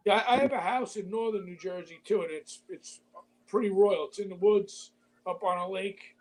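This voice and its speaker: A man's voice: sits high, moderate pace, a little mellow, a little hiss or hum, rough recording. A man hosting a livestream, from Brooklyn, chatting easily and greeting viewers by name. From Brooklyn, New York. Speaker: livestream host. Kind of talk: casual chat, greeting viewers.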